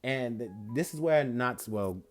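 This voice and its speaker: A man's voice: medium pitch, animated, unhurried, soft background music. A young man improvising a fan-fiction story in a rambling, casual way, full of fillers and self-corrections.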